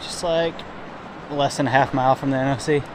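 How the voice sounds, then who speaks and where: A man's voice: medium pitch, fairly even intonation, a little fast, background noise. Rambling young man on a hiking trail. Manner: rambling, self-deprecating, frequent swearing and fillers. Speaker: thru-hiker vlogger. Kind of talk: casual spoken trail diary. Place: outdoors by a river near a town.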